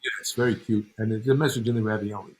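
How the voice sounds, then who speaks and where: A man's voice: fairly low pitch, fairly even intonation, fast talker, rough recording. Older man spinning rambling anecdotes. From New York. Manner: rambling anecdotes, acts out other people. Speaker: guest, actor and director. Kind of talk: relaxed interview storytelling.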